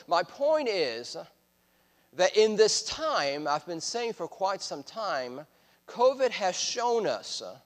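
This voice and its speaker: A man with a French accent, preaching as a guest speaker in a church in a friendly, self-deprecating way with frequent hesitations. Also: fairly high pitch. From France. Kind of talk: sermon. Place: church sanctuary. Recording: church hall reverb.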